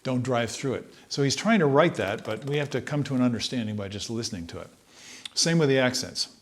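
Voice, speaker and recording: Relaxed man teaching trumpet. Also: mid-range voice, brisk, noisy background. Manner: relaxed, thoughtful, sings phrases to demonstrate. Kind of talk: instructional talk.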